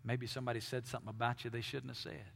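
A man preaching a sermon to his congregation, dropping to hushed tones and rising to loud, forceful peaks. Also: medium pitch, level tone, very fast, vocal fry, in a large hall, slight background noise. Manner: dynamic preaching, drops to hushed tones then swells loud. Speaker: pastor. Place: church sanctuary.

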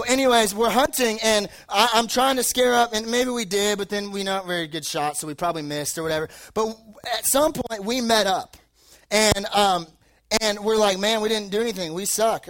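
A young male preacher with a notably high voice speaks to a live crowd. He tells a loose, joking story and leans heavily on filler words as he rambles toward his point. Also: a bit bright. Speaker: youth preacher. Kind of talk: casual sermon with personal story. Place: live talk before an audience.

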